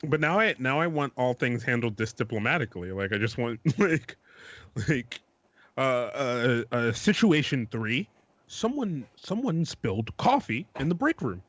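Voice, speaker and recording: Bright-voiced halting podcast co-host, man. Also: medium pitch, sing-song, dry recording, muffled recording. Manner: halting, self-deprecating anecdotes with laughs. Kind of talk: casual podcast chat.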